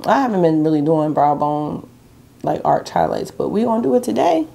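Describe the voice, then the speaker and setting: A woman beauty vlogger chatting casually and excitedly to her viewers while doing her makeup. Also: sits low, brisk, creaky. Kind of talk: casual makeup tutorial chat.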